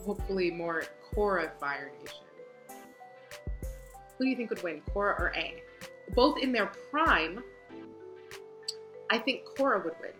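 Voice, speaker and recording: Bright-voiced chatty young woman. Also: mid-range voice. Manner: chatty, bubbly, full of filler. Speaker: book reader and fan host. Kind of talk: casual chat. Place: home, live stream. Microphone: phone.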